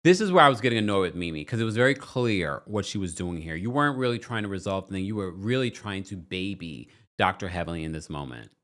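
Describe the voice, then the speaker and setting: A man's voice: deep voice, lively intonation, fast talker, few pauses, fairly bright tone. A man hosting a reality TV recap, reading viewer comments and giving sassy, dramatic commentary.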